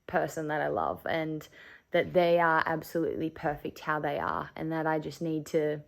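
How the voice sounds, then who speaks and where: A woman tells a personal story straight to camera in a loose, confiding way. Her voice sits a little low and has a gravelly fry running through it. She talks candidly, scatters "like" through her sentences and swears freely. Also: moderate pace. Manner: candid, chatty, swears freely, many "like" fillers. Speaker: vlogger.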